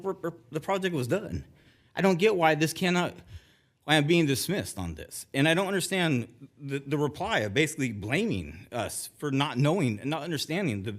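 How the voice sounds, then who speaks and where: Middle-aged resident, nervous and emotional, stumbles and restarts while reading prepared remarks at a council podium. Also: male voice, on the high side, a bit bright. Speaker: resident giving public comment. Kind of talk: public comment at a council meeting. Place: council chamber.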